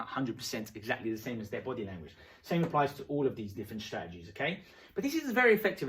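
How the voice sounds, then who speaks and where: A man teaching about rapport in a casual, animated way, acting out short dialogues. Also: medium pitch. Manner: animated, acts out little dialogues. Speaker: self-help coach.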